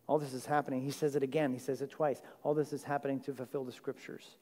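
A man's voice: mid-range voice, level tone, fast talker, few pauses, dark tone. A male pastor preaching a sermon in a chatty, conversational way, checking in with his listeners. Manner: conversational, asks the audience questions. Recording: long hall reverb.

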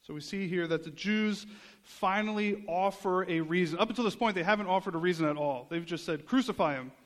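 A man's voice: sits high, a little fast. A man preaching a sermon in an earnest, conversational way, often checking in with his listeners. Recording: long hall reverb.

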